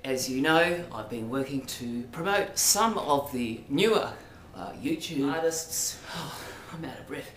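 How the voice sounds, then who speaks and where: An Australian man talks through a casual monologue to camera, rambling and hesitant, with frequent ums and asides. His voice sits at an ordinary middle pitch. The room around him is echoey, with a faint hiss behind. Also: lively intonation, unhurried, few pauses, fairly bright tone. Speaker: vlogger. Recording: roomy echo, faint background noise.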